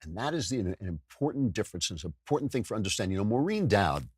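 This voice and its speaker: Husky sardonic talk show host. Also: male voice, on the low side, big pitch swings, racing, a little mellow, dry recording, clean studio sound. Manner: sardonic, self-mocking, stumbling restarts. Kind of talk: podcast monologue with ad read.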